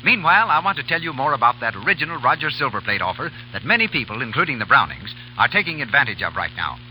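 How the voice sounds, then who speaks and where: A man's voice: medium pitch, very animated, fast talker, bright, forceful tone, faint music behind, rough recording. A man reading a persuasive, enthusiastic advertisement on 1930s radio. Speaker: announcer.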